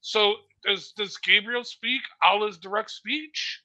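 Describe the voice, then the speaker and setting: Sharp-voiced man firing rhetorical questions. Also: high-pitched, slow pace, no room sound, low-quality recording. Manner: animated, fires off rhetorical questions. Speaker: discussion panelist. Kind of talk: casual online discussion.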